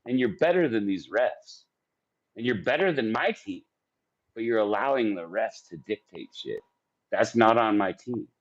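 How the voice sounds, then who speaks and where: A man in his forties ranting on a live sports stream, profane and combative as he answers his chat. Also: mid-range voice. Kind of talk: heated live-stream rant. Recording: dull lo-fi stream audio.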